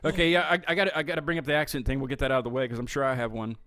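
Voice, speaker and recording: A man's voice: mid-range voice, level tone, racing, a bit bright, dry recording, clean studio sound. A man with a Southern US accent hosting a casual live-stream interview, rambling and stammering over repeated words. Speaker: host of a live music show.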